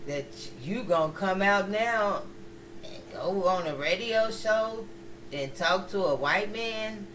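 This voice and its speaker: Slow-talking man on a distant noisy mic. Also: high-pitched, lively intonation, fairly bright tone. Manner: rambling, trailing off mid-sentence. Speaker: live stream co-host. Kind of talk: casual live stream chat.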